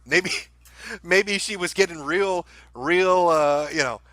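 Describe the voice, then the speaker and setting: A man's voice: sits high, slow pace, sharp tone, no echo. A man hosting a casual commentary show, reacting to social media posts in a sarcastic, profane, mocking way.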